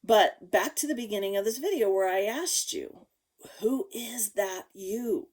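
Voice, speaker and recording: A woman vlogger telling a personal story to her viewers, frank and casual, swearing freely, swinging between loud outbursts and hushed asides. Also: mid-range voice, measured pace.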